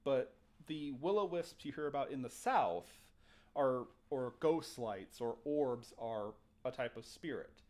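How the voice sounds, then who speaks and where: A man's voice: mid-range voice, a little slow. A man hosting a casual show, telling a ghost story with jokes and acted-out quotes. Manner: animated, jokey, acts out quotes. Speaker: podcast host.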